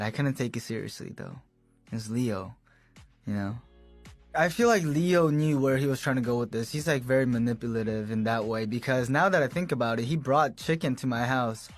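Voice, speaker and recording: A young man recounting his band's beginnings in a relaxed, chatty storytelling manner, laughing now and then. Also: medium pitch, moderate pace, faint music behind. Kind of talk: casual storytelling.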